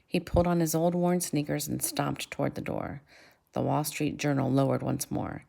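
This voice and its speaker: A woman reading a children's novel aloud in a measured way, slowing and dropping to a hush for effect. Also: low-pitched, level tone, vocal fry. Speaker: reader.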